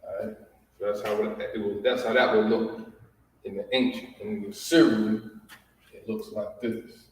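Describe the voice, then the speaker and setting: A man's voice: on the low side, steady tone, moderate pace, distant mic, slight background noise. Man teaching in an echoey hall. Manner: repetitive, checks in with "all right?" after each point. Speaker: language teacher. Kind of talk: classroom lesson.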